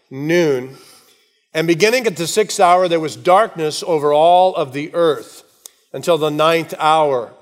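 Male pastor, high voice, sermon delivery, dramatic pauses, playful asides. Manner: preaching with dramatic slow emphasis on quoted words; jokes with the congregation in asides.

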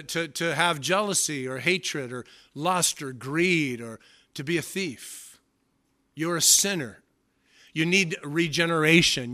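A man's voice: fairly high pitch, pushed and bright. A male pastor preaching a sermon with emphatic delivery, often repeating words for stress.

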